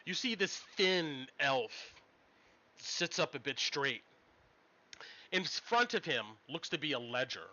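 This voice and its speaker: A man runs a tabletop game in an easygoing, unhurried storytelling voice that sits a little high and sounds bright. The audio is muffled, like a lo-fi stream. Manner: relaxed storytelling with frequent ums. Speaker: game master.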